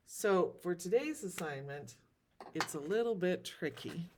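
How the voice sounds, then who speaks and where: A woman teacher giving a recorded lesson, sounding out words slowly and carefully. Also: on the low side, animated, noisy background. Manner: slow, drawn-out word sounding.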